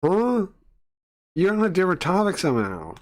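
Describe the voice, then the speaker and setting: A man's voice: sits high, sing-song, normal speed, a little mellow. A man streaming live, reacting to a video with sarcastic, mocking rants. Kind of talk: casual live-stream commentary.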